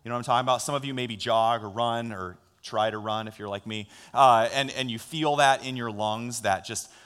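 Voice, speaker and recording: A man preaching a sermon as pastor, conversational and building to excitement. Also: mid-range voice, a little fast, clean tone. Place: church sanctuary. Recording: long hall reverb.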